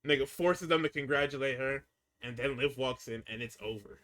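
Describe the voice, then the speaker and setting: A man's voice: mid-range voice, fairly quick, a bit bright. A man co-hosting a podcast, recapping wrestling in casual, profane chat, acting out quotes and laughing often.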